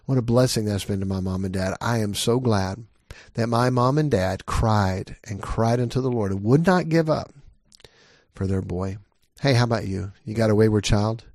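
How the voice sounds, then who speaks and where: A man's voice: fairly low pitch, normal speed, a little mellow, no echo, studio quality. A middle-aged man preaching a sermon as a pastor, earnest and emphatic, pressing his listeners with repeated questions.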